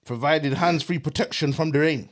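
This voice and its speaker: A young man, co-hosting a comedy podcast and doing a slangy mock business pitch. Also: normal speed. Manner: slangy, giggling fits, sleep-deprived. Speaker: podcast co-host.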